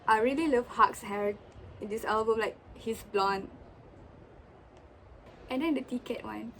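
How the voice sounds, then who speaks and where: A young woman, chatting casually as she unboxes albums, often gasping and squealing with excitement. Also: a little high, a little slow, pauses often, a little hiss or hum. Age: young adult. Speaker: vlogger.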